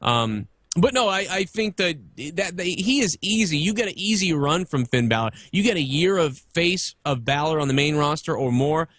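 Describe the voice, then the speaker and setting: Casual male podcast guest, thirties, slightly high voice, dead-dry sound, rambling and profane. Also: lively intonation, normal speed, few pauses, a bit bright, no room sound. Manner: opinionated, rambling, swears freely. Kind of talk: casual wrestling talk.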